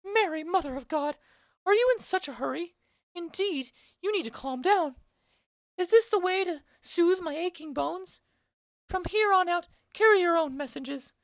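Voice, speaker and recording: Woman as a fussy old nurse, very high-pitched and grumbling, bossy and teasing, dry close sound, amateur play reading. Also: lively intonation, normal speed, no room sound.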